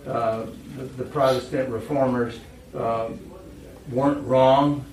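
A man's voice: mid-range voice, fairly even intonation, slow, a little mellow, slight background noise. A male pastor preaching a sermon, telling stories and asking his congregation questions. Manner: storytelling, asks the congregation questions. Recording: echoey room, voice from far off.

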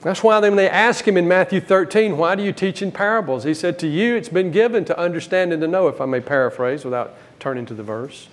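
Emphatic higher-voiced male preacher. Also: fairly quick, few pauses. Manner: emphatic, rising to stress key words then dropping low. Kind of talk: Bible teaching sermon.

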